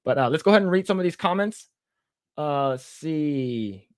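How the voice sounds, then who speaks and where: Podcast guy, 30s, rambly storyteller doing everybody's lines, kinda high voice. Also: lively intonation, moderate pace, darkish tone, clear, resonant tone, no room sound, studio quality. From United States. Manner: rambling storyteller who acts out quoted dialogue. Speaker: podcast co-host. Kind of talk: casual podcast chat.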